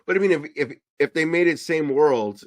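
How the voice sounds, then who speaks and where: A man's voice: on the high side, no room sound. Blunt swearing guy, dry sound. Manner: blunt, swearing, quick asides. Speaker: podcast co-host. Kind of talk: casual chat.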